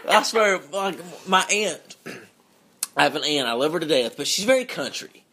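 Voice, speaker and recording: A man's voice: a little high, expressive, unhurried, pushed and bright. A man with a Southern US accent hosting a podcast, rambling and laughing often in casual banter. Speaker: podcast host.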